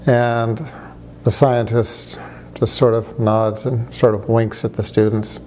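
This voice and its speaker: Mellow man posing questions. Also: lowish voice, little pitch movement, slow pace, slight background noise. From United States. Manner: rhetorical questions, wry storytelling. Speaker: speaker on religion. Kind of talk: conversational argument to camera.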